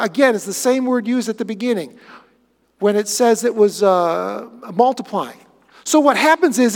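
High-voiced animated pastor in a hall. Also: male voice. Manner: animated, swings from excited to hushed. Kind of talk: sermon. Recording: echoey hall.

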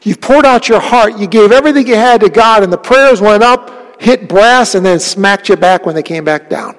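A man preaching a sermon in a church. He talks earnestly and conversationally, asks the congregation questions, and often drops to a soft, low voice. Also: moderate pace, long reverb tail. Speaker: pastor.

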